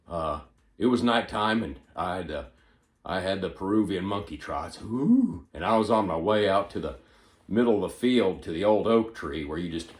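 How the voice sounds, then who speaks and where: A man's voice: deep voice, roomy sound. A man doing a rambling old politician. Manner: rambling, stumbling on repeated words, sudden loud bursts. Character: rambling, forgetful elderly male politician. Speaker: comedian. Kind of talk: stand-up impression monologue.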